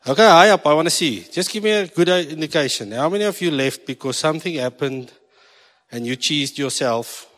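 A South African pastor preaches to his congregation with a slightly high voice, teasing them and mixing in Afrikaans asides. His voice carries a long echo around the church hall. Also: expressive, a little fast, fairly bright tone. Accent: South African English. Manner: jokey, switching between English and Afrikaans. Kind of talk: sermon.

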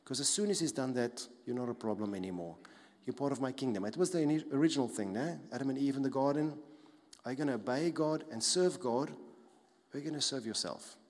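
A man preaching a sermon as a pastor, emphatic, repeating key phrases and dropping soft to stress them. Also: mid-range voice, expressive, fast. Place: church hall. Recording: long hall reverb.

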